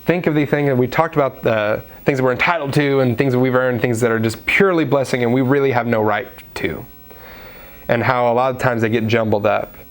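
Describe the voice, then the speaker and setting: A man's voice: mid-range voice, fairly even intonation, a little fast. A man giving a daily devotional sermon in a conversational way, with fillers, acting out quoted voices now and then. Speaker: preacher.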